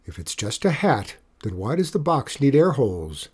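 A man's voice: medium pitch, very animated, normal speed, darkish tone, breathy edge. A man reading a storybook aloud and voicing a skeptical bus driver who sounds doubtful and mocking.

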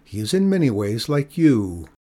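A wry, good-humored old lighthouse keeper, as a male narrator plays him. He speaks close to the reader's own voice, teasing gently with a sly grin in his words. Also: medium pitch, very animated, normal speed.

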